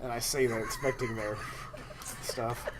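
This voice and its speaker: A man on a podcast telling a crude story in a rambling, animated way, laughing often. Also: medium pitch, unhurried, background noise. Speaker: podcast co-host.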